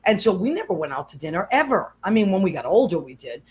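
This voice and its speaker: Older female radio host, animated storyteller, casual. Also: lowish voice, quick pace. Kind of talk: casual chat.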